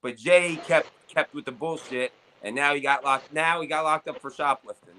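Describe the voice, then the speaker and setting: A man who hosts an armwrestling talk show and competes in the sport tells stories loosely, swearing and using plenty of filler. His voice sits on the high side with a sharp tone at normal speed, on a rough recording with slight background noise.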